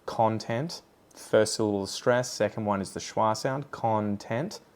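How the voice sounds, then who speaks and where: Rambling Australian man, low voice. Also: normal speed. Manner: chatty, rambling, goes off on tangents. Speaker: plant channel host. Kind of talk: casual chat while potting plants.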